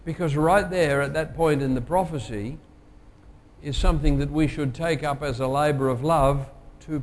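A pastor delivering a sermon, measured and emphatic, slowing down to stress key phrases. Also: male voice, on the high side, a little mellow. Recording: long hall reverb.

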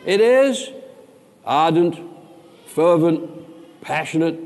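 Emphatic preacher in a reverberant hall. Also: male voice, on the high side, darkish tone. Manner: emphatic, slows down to stress words. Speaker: pastor. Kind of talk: sermon.

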